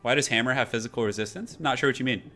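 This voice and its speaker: A young man casually chatting through a live gaming stream, reading out viewer messages in a relaxed, rambling way at a desk microphone. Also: mid-range voice, racing. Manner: relaxed, chatty, reads chat aloud.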